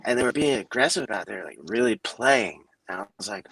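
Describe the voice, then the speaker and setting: A man's voice: fast talker, slight background noise. A man co-hosting a casual chat, telling a story and acting out quotes with big jumps in his voice. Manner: animated, acts out quotes with big pitch jumps. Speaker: co-host.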